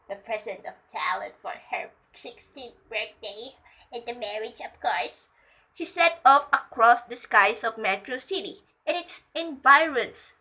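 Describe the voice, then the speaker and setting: A woman's voice: a little high, pushed and bright, low-quality recording. A young woman reading a fan fiction story aloud, breaking off for gushing, giggly asides.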